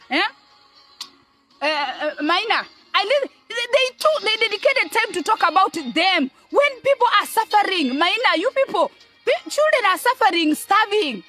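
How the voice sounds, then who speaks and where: A woman's voice: extremely high pitch, sharp tone. A Kenyan woman ranting to her audience in an emphatic, scolding way, repeating words and asking "eh?" between points. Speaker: online commentator. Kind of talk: ranting monologue to camera.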